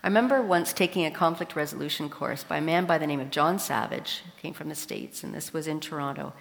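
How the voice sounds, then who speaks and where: A woman's voice: deep voice, fast, gravelly. Woman preaching in a reverberant church. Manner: warm storytelling with a joke, addressing the congregation. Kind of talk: sermon. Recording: long reverb of a church hall.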